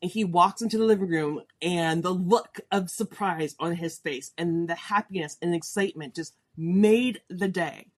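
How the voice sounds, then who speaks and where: A woman's voice: fairly low pitch, normal speed, hardly any pauses. A middle-aged woman hosting a podcast, telling a personal story in a chatty, candid way. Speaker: podcast host.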